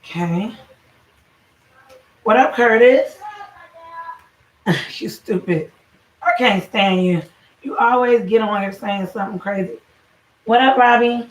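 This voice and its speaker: A woman's voice: medium pitch, slow, long pauses. A woman hosting a casual home cooking livestream, chatting straight to her viewers with a salty, easygoing manner. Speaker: home cooking show host and mother. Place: home kitchen. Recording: echoey room, voice from a distance, faint noise.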